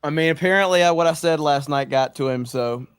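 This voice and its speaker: A man's voice: fairly high pitch, a little fast, smooth, dry recording. A man co-hosting a casual livestream, easygoing and laughing hard. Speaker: co-host.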